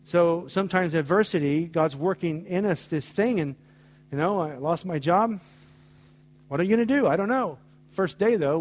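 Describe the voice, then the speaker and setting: A man's voice: a little high, darkish tone. A middle-aged man preaching a sermon, telling stories with acted-out dialogue in an emphatic way. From United States. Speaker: pastor.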